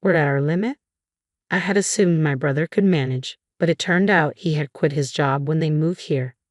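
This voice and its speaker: Female narrator with a deep voice, steady scripted storytelling, dry close voice-over. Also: normal speed, dry recording.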